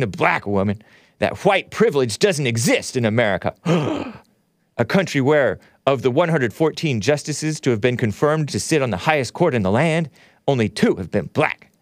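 A man's voice: mid-range voice, no echo. A man hosting a call-in talk show from a studio, reading headlines aloud and scoffing at them with a sarcastic, mocking manner. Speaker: radio talk show host.

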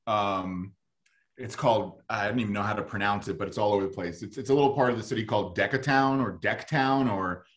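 A man's voice: fairly low pitch, fairly bright tone. A man co-hosting a local radio food show, chatting casually and rambling with lots of fillers.

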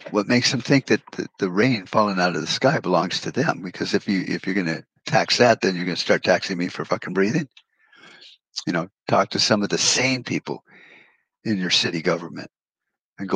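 A middle-aged man with a very low, husky voice delivers a profane, blunt rant into a close podcast mic. The room sounds dry and dead, and he leans on folksy comparisons to make his point. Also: moderate pace, a bit bright, no room sound, poor audio. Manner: blunt, swears freely, folksy analogies. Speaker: podcast host.

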